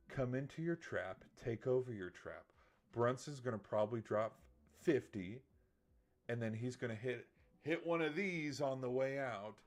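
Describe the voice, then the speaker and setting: A tired man chatting casually on a late-night livestream, rambling and getting heated, with lots of filler words and restarts. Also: on the low side. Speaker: streamer.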